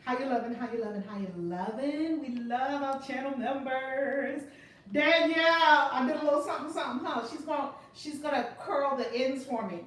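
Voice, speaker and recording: A woman's voice: high voice, brisk, few pauses. A woman hosting a live-streamed class as a spiritual teacher, exuberantly greeting viewers by name and then teaching, stressing key words. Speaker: spiritual teacher and channel host. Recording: echoey room, far from the mic, faint noise.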